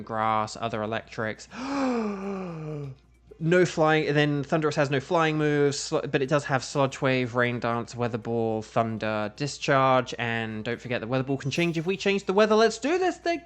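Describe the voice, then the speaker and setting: A man's voice: mid-range voice, fairly bright tone, clean tone. A man who is a voice actor, chatting casually and rambling to his viewers as he hosts a live game stream, humming to himself between thoughts. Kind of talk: casual live-stream chat while playing. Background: faint background music.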